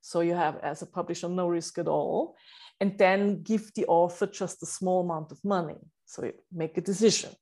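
Austrian woman w german accent, writing coach on a podcast, lowish voice, pauses hunting for english words. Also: steady tone, dark tone. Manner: thoughtful, searches for English words. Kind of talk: podcast interview.

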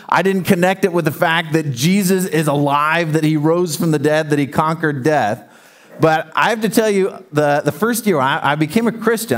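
Guy pastor preaching in a church hall, kinda high voice, lively storytelling. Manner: animated storytelling, calls out to the congregation. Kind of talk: sermon. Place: church auditorium.

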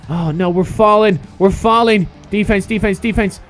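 A young man commentating his own basketball video game, excitable and swearing, shouting at the players. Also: sits high, moderate pace. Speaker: gaming host. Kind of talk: gameplay commentary. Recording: faint music behind.

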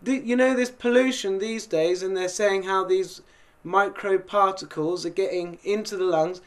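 A man's voice: high voice, fairly even intonation, normal speed. A man with a British accent hosting a casual, rambling chat and chuckling as he talks. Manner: chatty, rambling, chuckling asides. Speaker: host.

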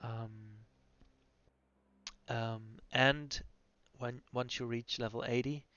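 A man's voice: mid-range voice, fairly even intonation, slow, fairly bright tone, clear, resonant tone, no echo. A man voicing over a video game class guide, explaining hesitantly with many fillers. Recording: dull lo-fi audio with faint music.

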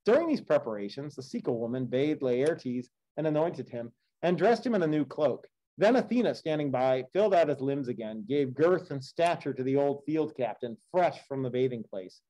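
A man's voice: medium pitch, animated, moderate pace, few pauses, dark tone, poor audio. A man reading an epic poem aloud as a teacher, breaking off for casual, chatty commentary. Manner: casual, chatty asides with fillers. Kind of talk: read-aloud with classroom commentary.

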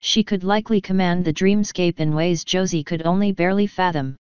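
Woman narrating a story, steady reading, lowish very clear voice, dry dull sound. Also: fairly quick, no echo. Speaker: fanfiction reader. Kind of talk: audiobook-style story narration.

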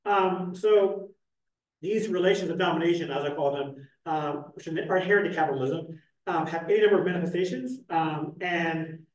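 A man from Philadelphia giving a conference panel talk, talking quickly and loosely with lots of fillers. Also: a little high, recorded from a distance. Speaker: panel presenter. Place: conference room with hybrid online audience. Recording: echoey room, speaker away from the mic.

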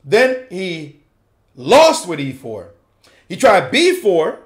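A male chess grandmaster breaks down a game with playful, slangy commentary, his voice swinging up and down with lively energy. He sits a touch above the usual male pitch. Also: slow pace. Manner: playful, slangy, acts out the players' thoughts.

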